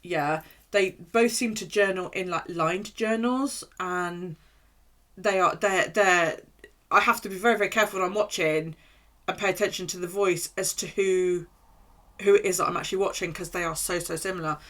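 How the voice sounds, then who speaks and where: A woman chats away on a home live stream, rambling and swearing casually. Her voice is bright and forward. She talks loosely, like she's among friends. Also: lowish voice, moderate pace.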